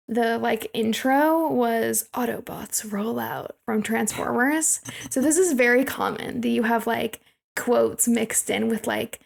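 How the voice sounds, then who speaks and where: A woman's voice: a little high, gravelly. A young woman co-hosting a podcast, casually recapping a movie and laughing often. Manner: chatty, laughs often, recaps plot scenes. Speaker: podcast co-host.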